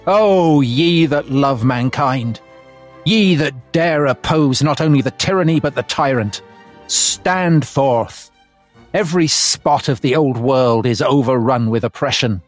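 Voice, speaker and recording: A man voicing a fiery male 18th-century pamphleteer, declaiming in grand, slow, rising cadences. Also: medium pitch, close to an everyday voice. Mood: rousing.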